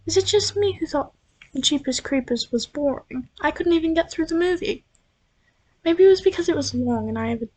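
A woman's voice: high-pitched, a little mellow. A young American woman with a slight drifting British-sounding accent, rambling casually into her computer's built-in mic at home, chatty and self-deprecating with many restarts. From United States. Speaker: vlogger. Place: at home at night. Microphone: built-in computer microphone.

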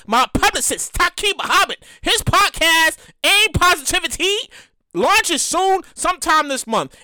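A man in his thirties hosts his podcast in a loose, rambling way, stumbling over repeated words and cursing casually. His voice sits high and bright. It swings freely up and down. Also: no echo. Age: 30s. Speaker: podcast host. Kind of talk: casual solo podcast monologue.

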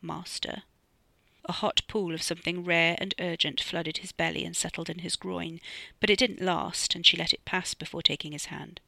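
An author reading their own novella aloud as measured, scripted narration. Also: medium pitch, steady tone, vocal fry, pushed and bright, dry recording. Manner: measured storytelling.

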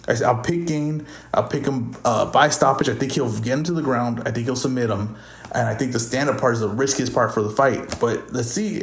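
Casual male host, offhand and thinking aloud, trips over names; echoey room. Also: mid-range voice. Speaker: podcast host. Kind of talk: casual fight predictions. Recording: roomy echo.

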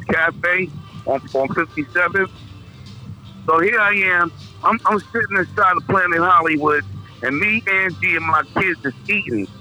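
A man guesting on a show, a loud and emphatic talker telling profane stories in a lively way. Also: fairly high pitch, low-quality recording. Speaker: guest artist. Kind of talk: animated storytelling.

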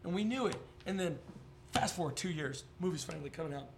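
Against audible background noise, a young podcast host talks fast and animatedly in a slightly high voice. His casual chat wanders through profane, joking stories.

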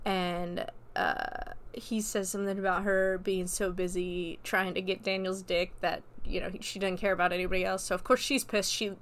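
A woman's voice: fairly low pitch, little pitch movement, moderate pace, few pauses. A woman casually recapping a movie plot in a chatty, loose way, full of "like" and "you know" and freely dropping swear words. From America. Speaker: movie reviewer.

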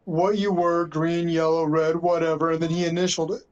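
A man chatting casually with friends, telling quick rambling stories. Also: fairly high pitch, flat delivery, darkish tone, lo-fi sound. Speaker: podcast co-host. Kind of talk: casual chat.

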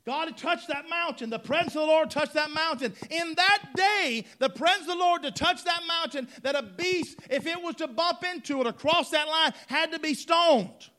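Male preacher, very high and bright voice, emphatic and repetitive, church sermon. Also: moderate pace, hardly any pauses. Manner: emphatic, repeats phrases, asks congregation for response.

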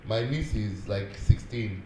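A man with a Nigerian accent chatting casually as host, telling animated stories and slipping into Pidgin phrases. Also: on the low side, measured pace, a crowd in the background. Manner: animated storyteller who switches into Pidgin and Yoruba. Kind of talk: casual chat. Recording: echoey room with background noise.

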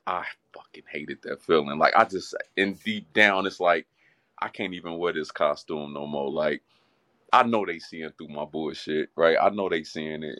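A man with a very low, deep voice speaks as a guest rapper on a podcast, candid and reflective, loose with slang and swearing. The recording is dry and close-miked. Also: fairly bright tone, no room sound. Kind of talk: casual podcast discussion.

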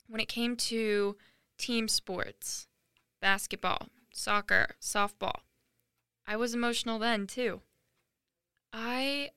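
Teen girl host, candid casual monologue, bright clear tone, dry close sound. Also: medium pitch, no echo. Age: teens. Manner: candid, chatty, self-deprecating.

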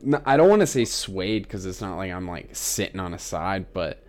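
A man's voice: sits low, lively intonation, normal speed, darkish tone. A young man co-hosting a casual podcast, rambling and laughing often as he trails off and restarts. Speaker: podcast co-host.

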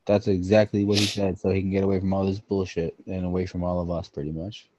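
A man's voice: low voice, flat delivery, fast, dull audio, background noise. A young man co-hosting a podcast, chatting casually and swearing freely. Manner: profane, laid-back, bursts into loud acting. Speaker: podcast co-host. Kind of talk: casual chat.

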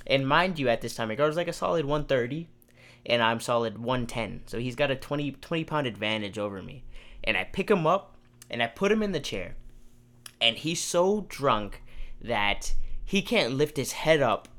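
A man's voice: mid-range voice, lively intonation, normal speed, fairly bright tone. A young man hosting a podcast, telling a story casually, acting out quotes and swearing freely. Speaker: podcast host.

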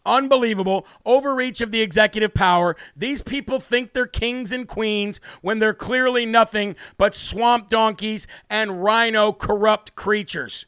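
Brash high-voiced male political host. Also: fairly even intonation, a little slow, hardly any pauses, a bit bright, clear, resonant tone, dry recording, studio quality. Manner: brash, combative, mocking. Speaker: political talk show host. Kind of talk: live political commentary. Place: home studio.

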